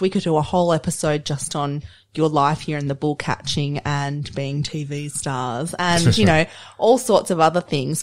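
A woman hosting a podcast interview, chatty and playful, given to teasing her guest. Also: sits low. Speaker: podcast host.

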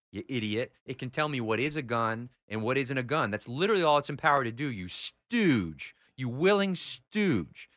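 A man's voice: mid-range voice, pushed and bright, dry recording. A man arguing on a talk radio show, combative and mocking as he lectures. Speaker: radio show regular guest. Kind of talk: heated talk radio argument.

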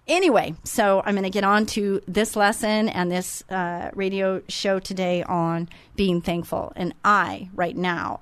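On a faith-based radio talk show, the middle-aged female host sounds openly emotional, heartfelt and sentimental. Her pitch is medium, and the sound is dry.

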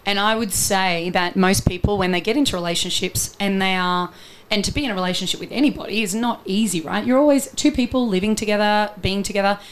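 A woman's voice: medium pitch, fast talker, slight background noise. A woman relationship coach talking in an interview, explaining her ideas earnestly and walking through everyday examples. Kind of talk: conversational interview.

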